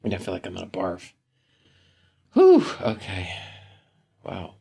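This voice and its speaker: A man giving an emotional personal testimony, halting and hesitant, often sinking to a whisper. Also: sits low, completely flat delivery, gravelly, a little mellow, breathy edge.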